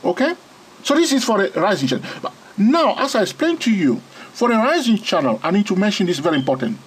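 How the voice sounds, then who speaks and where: Male trading tutor, husky voice, very lively pitch, keeps checking "okay?". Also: fast talker, rough recording. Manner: repeats "all right?" and "okay?" often, pointing at charts. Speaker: trading instructor. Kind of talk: screen-recorded trading lesson.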